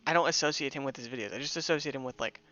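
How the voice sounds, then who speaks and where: A man's voice: medium pitch, rapid-fire, bright, forceful tone, highs cut off, soft background music. A young man chatting loosely while streaming a game, rambling with many restarts. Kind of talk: casual gameplay commentary.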